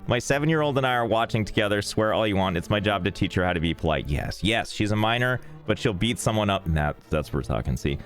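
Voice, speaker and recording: Brief: male game streamer, lower voice with a lively, bouncing delivery, jokey and irreverent over faint game music. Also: fast, hardly any pauses. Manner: joking, rambling, irreverent, swears freely. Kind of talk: casual live-stream banter while gaming.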